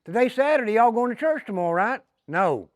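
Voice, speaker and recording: A man's voice: extremely high pitch, animated, a little fast. An older man, a former prisoner guiding a walking tour in a folksy storytelling way, often calling the group "guys". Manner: folksy, repeats "give you an idea", addresses group as guys. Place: large echoey prison halls and yard. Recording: long echoey reverb of hard halls.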